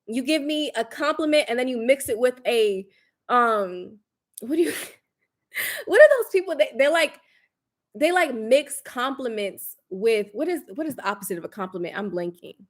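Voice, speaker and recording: A young woman in casual livestream chat, candid and animated, laughing often and swearing casually. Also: a little high, moderate pace. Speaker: spiritual lifestyle creator.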